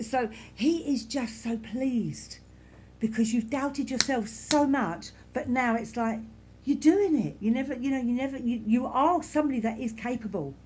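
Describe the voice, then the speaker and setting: A woman serving as a spiritualist medium, speaking softly and reassuringly to a congregation in a church, repeating herself often. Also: fairly high pitch, a little hiss or hum. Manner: gentle, reassuring, repetitive, many "you know"s. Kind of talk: giving spirit messages to a congregation.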